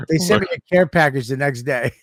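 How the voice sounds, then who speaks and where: A middle-aged man co-hosting a podcast, telling animated, profane stories in casual chat. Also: fairly high pitch, no echo, studio quality. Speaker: podcast co-host.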